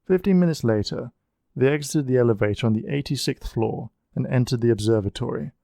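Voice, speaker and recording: A man reading a storybook aloud in a steady, even narration. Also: medium pitch, fairly quick, vocal fry, no room sound, clean studio sound. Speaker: audiobook narrator.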